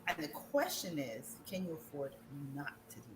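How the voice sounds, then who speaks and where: Animated woman in an echoey room. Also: normal speed. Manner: animated, acts out clients' voices with big pitch jumps, laughs often. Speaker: wellness guest. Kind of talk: casual chat. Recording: echoey room with faint ambient noise.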